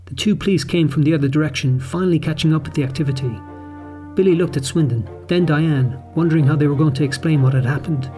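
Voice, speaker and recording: A man narrating a children's audiobook in a steady, clear storytelling manner. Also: fairly high pitch, quick pace, faint music behind.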